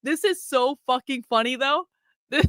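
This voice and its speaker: A woman's voice: high voice, unhurried, no room sound, clean studio sound. A woman hosting a livestream, reacting in a blunt, sarcastic and profane way. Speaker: livestream host. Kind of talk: casual livestream commentary.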